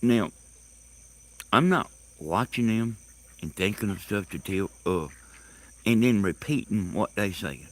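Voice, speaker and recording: A man telling rambling stories in a casual monologue, halting and laughing loudly at his own tales, recorded outdoors in the countryside. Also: fairly low pitch, lively intonation. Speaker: host. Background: crickets and insects.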